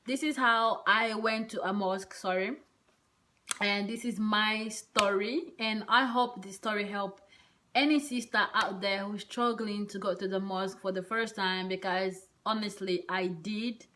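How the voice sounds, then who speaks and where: Woman vlogger, chatty and hesitant, mid-pitched voice, rambling story with soft asides. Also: steady tone, unhurried. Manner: hesitant, rambling, many "like" fillers; drops to soft whispered asides. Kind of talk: casual personal storytelling.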